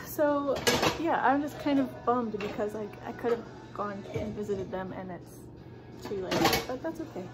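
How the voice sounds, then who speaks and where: A woman's voice: mid-range voice, measured pace, loud music behind the voice, poor audio. A woman vlogging in a casual, rambling chat, often giggling.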